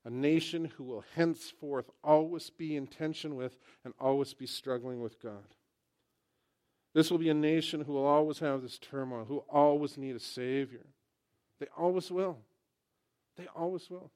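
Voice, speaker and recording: A man's voice: on the high side, unhurried, pauses often, clear, resonant tone. A man preaching a sermon to a congregation, conversational and humorous, telling stories with rising emphasis. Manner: conversational, animated storytelling with humor. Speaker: pastor.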